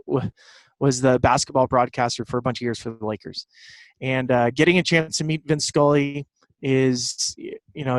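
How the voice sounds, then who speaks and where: A man from Southern California, a baseball broadcaster and guest, telling animated stories in casual chat. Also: medium pitch, no echo. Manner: animated storytelling, fond of quoting others.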